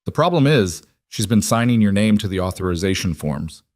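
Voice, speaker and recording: A man playing a calm, cold mafia boss. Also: lowish voice, brisk, no room sound, studio quality, natural voice. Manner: calm, conversational, matter-of-fact.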